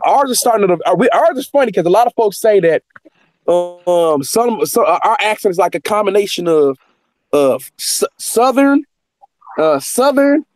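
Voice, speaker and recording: Man, high voice, host, emphatic, repeats himself. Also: no room sound. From Northern California. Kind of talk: casual chat.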